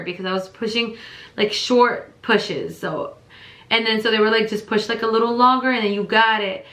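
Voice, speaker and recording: A young woman vlogger casually telling a long personal story, rambling with lots of fillers and lively quoted voices. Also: on the high side, moderate pace, roomy sound.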